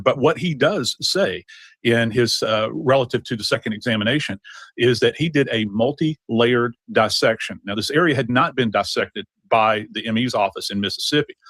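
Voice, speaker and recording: A man's voice: mid-range voice, no room sound. A man, a forensics professor and death investigator, explaining methodically and precisely as a TV guest expert.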